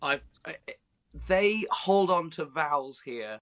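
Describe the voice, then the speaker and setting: A southern English man in his thirties tells stories as a guest, his accent lightly tinged with Australian vowels. His voice sits a little high for a man, and he talks in an animated way, full of ums and restarts. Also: slow pace, muffled recording. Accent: southern English, slightly Australian. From southern England. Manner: animated storyteller with frequent fillers and restarts. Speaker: guest, stand-up comedian. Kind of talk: casual interview chat.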